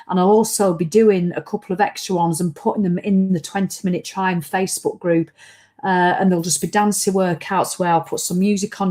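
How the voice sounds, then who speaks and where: A woman hosts a relaxed live stream from home, talking warmly and loosely to her viewers. She rambles a little and greets people by name as their comments come in. Her voice sits at a middling pitch. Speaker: online fitness coach. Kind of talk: casual live stream chat.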